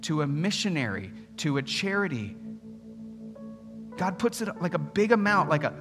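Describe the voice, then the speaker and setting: A man in his thirties, a pastor giving a sermon in an animated, conversational way, telling stories with humor. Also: a little high, normal speed, over music.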